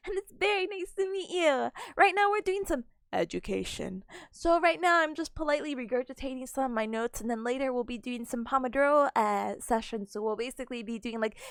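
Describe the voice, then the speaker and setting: A woman's voice: high voice, clear, resonant tone, no room sound, clean studio sound. A young adult woman streaming, chatting casually and greeting her chat in a bubbly, giggly way.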